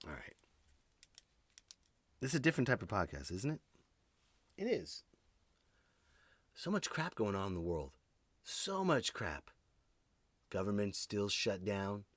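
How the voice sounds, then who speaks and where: A man riffing through a comedic podcast monologue, jumping from loud bursts to muttered asides. His pitch swings widely as he goes. The sound is dry and close, with no room around it. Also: wildly swooping pitch, measured pace, pauses often, dry recording. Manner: rambling and jokey, swinging between loud outbursts and muttered asides. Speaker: podcast host.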